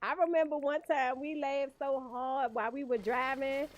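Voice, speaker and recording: A woman's voice: high voice, steady tone, normal speed, a little hiss or hum. A woman streaming a game, chatting casually with viewers and laughing often. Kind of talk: casual livestream chat while gaming.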